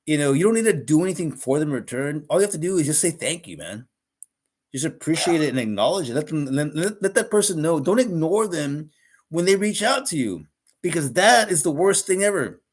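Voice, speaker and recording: A man's voice: fairly high pitch, lively intonation, fairly quick. A middle-aged man hosting a podcast, ranting bluntly and profanely in a casual monologue. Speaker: podcast host. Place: live podcast recording.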